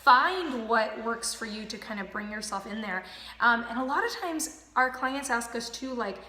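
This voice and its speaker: A woman practitioner co-hosting a casual spiritual chat, calm and explanatory with many ums. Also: a little high, normal speed. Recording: roomy echoey room.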